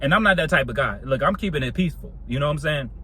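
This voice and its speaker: A man's voice: fairly high pitch, lively intonation, very fast, bright, forceful tone, a little hiss or hum. A young man telling a casual storytime monologue in a slangy, laid-back way, laughing often.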